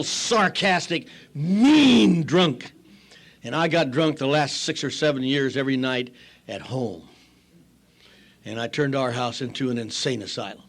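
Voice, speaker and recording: A man's voice: medium pitch, a bit bright. An older man speaking at a recovery meeting, telling his story with wry, self-mocking humor and acting out the people he quotes. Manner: acts out quoted people in voices.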